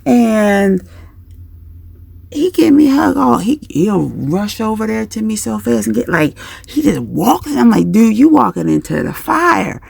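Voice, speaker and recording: A woman vlogger giving casual parenting advice in a lively, chatty way, acting out little scenes and pep-talk tips. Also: fairly high pitch, unhurried, gravelly, husky, no echo.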